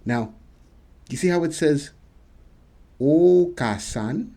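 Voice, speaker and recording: A man giving a casual video lesson, patiently repeating each word slowly for practice. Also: medium pitch, sing-song, darkish tone, husky. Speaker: Japanese teacher.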